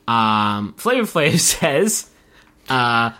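A man from Appalachia hosting a casual comedic podcast, telling stories with lots of swearing. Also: moderate pace. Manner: animated storytelling, swearing, jumping up in pitch for quotes. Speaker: podcast host.

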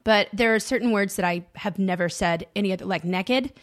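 A woman's voice: mid-range voice, steady tone, quick pace. A young woman from the American South, a podcast guest telling stories in a chatty way, full of "like". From Southern United States. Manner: chatty storyteller, peppers speech with "like". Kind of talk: casual chat.

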